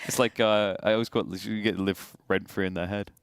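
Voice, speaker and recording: A man's voice: on the low side, fairly even intonation, fairly quick, clear, resonant tone, faint music behind. A man casting on an esports live stream, chatting casually in a jokey, rambling way. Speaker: esports caster.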